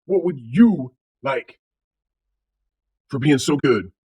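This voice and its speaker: A man's voice: mid-range voice, expressive, takes it slowly, a little mellow, slightly rough. A man with a Southern US accent voicing a friendly old gatekeeper of heaven in a told joke.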